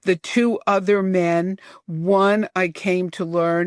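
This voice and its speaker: High-voiced older man, slow storytelling. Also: no echo, clean studio sound. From New York area, US. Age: 70s. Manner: unhurried, detailed reminiscing with asides. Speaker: podcast guest. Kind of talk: storytelling in an interview.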